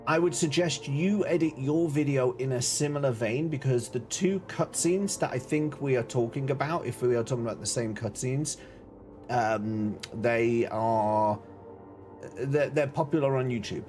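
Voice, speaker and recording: A man's voice: mid-range voice, moderate pace, darkish tone, soft background music. A man hosting a casual live game stream, greeting viewers, joking and reacting to chat. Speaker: gaming streamer.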